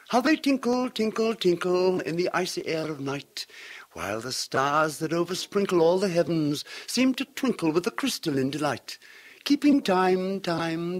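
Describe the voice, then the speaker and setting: A man giving a dramatic literary reading with crisp, precise diction, swinging between hushed murmurs and loud declaiming. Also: a little high. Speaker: reader of classic verse and tales.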